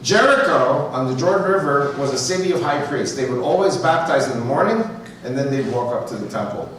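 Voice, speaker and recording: In a church sanctuary, a guest speaker from the U.S. with a New York accent chats through stories and jokes, voicing other people's dialogue as he goes. His medium-pitched voice is lively, brisk and a bit bright, picked up by a distant mic with roomy echo and slight hiss or hum.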